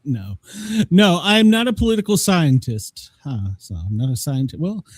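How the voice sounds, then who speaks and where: A man's voice: on the high side, sing-song, normal speed, dry recording. A middle-aged man hosting a podcast in casual chat, joking and rambling with frequent chuckles. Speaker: podcast host.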